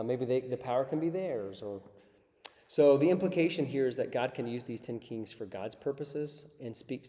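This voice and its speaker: A man leads a Bible study in a relaxed, conversational way and keeps asking his listeners if they are following. His voice is warm and mellow at a middle pitch. It carries a long hall reverb. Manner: casual, checks in with listeners.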